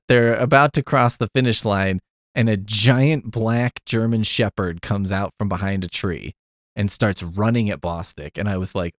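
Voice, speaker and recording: A man's voice: fairly low pitch, dry recording, studio quality. A man hosting a podcast, recapping an old TV episode in a casual, joking way, swearing and acting out the characters. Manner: animated storytelling, swearing, quick character voices. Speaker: podcast host.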